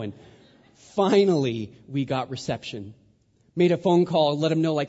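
A man giving a sermon, telling a story with lively acted-out voices. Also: mid-range voice, fast talker. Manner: animated storyteller, acts out voices. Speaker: pastor. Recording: dull sound in a reverberant hall.

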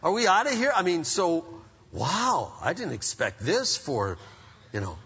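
Male pastor, middle-aged, sermon, bright voice, husky edge, conversational, rhetorical questions. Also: a little high, sing-song, unhurried. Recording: dull sound with long reverb, as in a church hall.

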